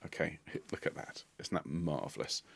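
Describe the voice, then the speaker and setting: A man's voice: a bass voice, expressive, moderate pace, creaky, slightly rough. A British man leading a choir livestream, chatting in a playful, jovial way and laughing often. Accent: British English. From United Kingdom. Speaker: choir leader hosting a livestream.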